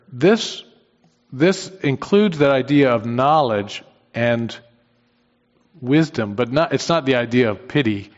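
A man teaching a Bible study class in a conversational way, thinking aloud with frequent restarts and putting questions to the class. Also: mid-range voice. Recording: dull lo-fi recording in a reverberant hall.

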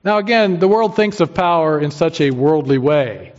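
A man's voice: fairly high pitch, lively intonation, moderate pace, darkish tone. A man preaching a sermon as pastor, emphatic and using homely everyday analogies. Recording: dull lo-fi sermon recording.

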